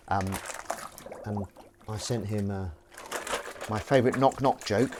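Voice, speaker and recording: Washing up on a kitchen livestream, this host rambles and jokes casually as he reads out comments from chat. He has a lowish voice, and there's background noise.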